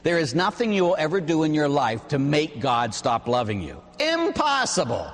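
A man, a Catholic priest, preaching a sermon with animated, emphatic storytelling. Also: on the high side, moderate pace, long reverb tail.

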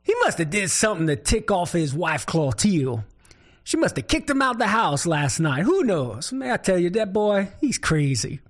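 A man voicing a nosy rural Cajun man who hollers in a high drawl with a Cajun accent. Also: very animated, moderate pace. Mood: gossipy.

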